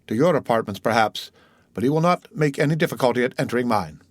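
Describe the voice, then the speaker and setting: A man reading an audiobook, voicing a mysterious, wealthy nobleman who speaks in a measured, commanding way. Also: medium pitch, expressive, no echo, lightly acted. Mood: calm. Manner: measured, composed, authoritative.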